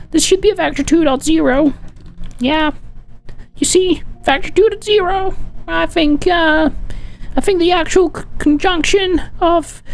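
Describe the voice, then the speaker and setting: A man's voice: very high-pitched, voice pushed up. A man doing an impression of an insufferable, overly serious cartoon boy who lectures in a pompous, hesitant way.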